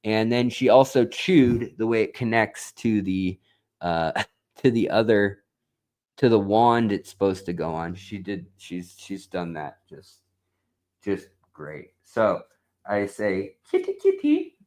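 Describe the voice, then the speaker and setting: A man hosting a live stream in casual chat, rambling and slow, now and then talking baby talk to his cat. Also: lowish voice, a little mellow, poor audio.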